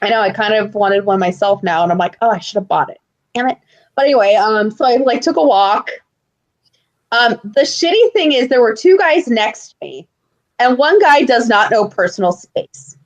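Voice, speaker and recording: Animated, high-pitched young woman storyteller. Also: moderate pace. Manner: animated storytelling, loud excited outbursts, frequent swearing. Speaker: podcast co-host. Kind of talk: casual chat.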